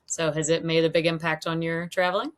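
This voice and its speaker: A woman co-hosts a relaxed podcast conversation, easygoing and agreeable, often dropping in a quick "yeah." Her voice sits a little low for a woman. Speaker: co-host. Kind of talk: casual podcast chat.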